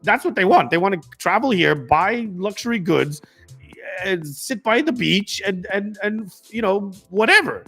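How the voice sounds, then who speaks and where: A man's voice: high voice, animated, a little slow, creaky, bright, forceful tone, slightly rough, faint music behind. A man hosting a live political stream, giving emphatic, ranting commentary full of restarts.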